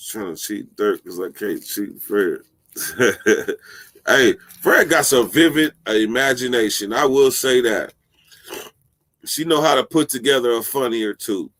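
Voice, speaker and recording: A man hosting a casual live stream, telling stories in a loose, profane, animated way and laughing often. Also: mid-range voice, measured pace.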